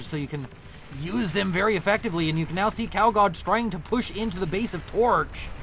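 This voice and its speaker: A man giving casual live commentary on a real-time strategy match, chatty and quick to correct his own slips. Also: sits high, fairly bright tone, slight background noise. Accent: non-local accent, unnamed. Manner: chatty, self-correcting, apologetic about slips. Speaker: game caster.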